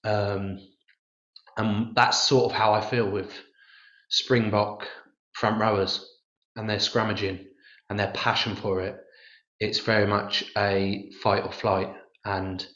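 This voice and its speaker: Bloke rambling and joking at a press conference, roomy echo, kinda muffled. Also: male voice, on the low side, a bit bright. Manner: rambling, self-deprecating, jokey. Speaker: rugby player at a press conference. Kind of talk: casual press-conference answers.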